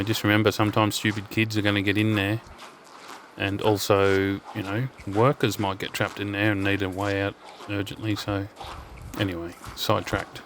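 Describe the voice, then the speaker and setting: An Australian urban explorer and channel host walks through a storm drain, telling rambling stories full of swearing and frequent sidetracks. His voice is fairly low and slightly bright, with a little hiss or hum in the recording.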